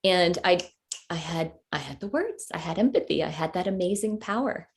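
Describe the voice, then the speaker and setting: A woman in her forties, telling a personal story with halting, heartfelt pauses and fillers as a workshop presenter on a video call. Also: fairly low pitch, lively intonation, vocal fry. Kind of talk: storytelling talk to an online group.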